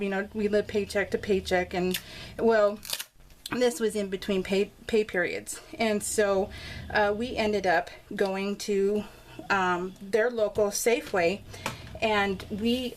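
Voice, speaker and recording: A woman's voice: mid-range voice, steady tone, unhurried, a little hiss or hum. A middle-aged woman telling a family story in casual chat while she works on a craft project at home. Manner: chatty, laughing, restarts a lot, acts out quotes. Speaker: scrapbooking vlogger. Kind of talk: casual storytelling over a craft process video. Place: home craft room with dogs nearby.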